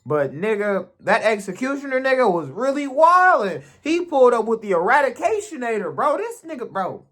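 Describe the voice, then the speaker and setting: A man's voice: extremely high pitch, big pitch swings, moderate pace, a bit bright. A man giving a casual, crude, rambling recap of a show episode, full of slang.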